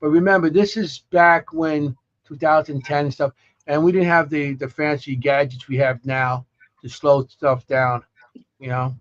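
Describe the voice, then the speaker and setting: A fairly high-voiced man hosts a casual podcast chat. He rambles and stops often to restart his sentences. The recording sounds muffled and lo-fi. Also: steady tone. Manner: rambling, halting, many fillers and restarts. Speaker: podcast host.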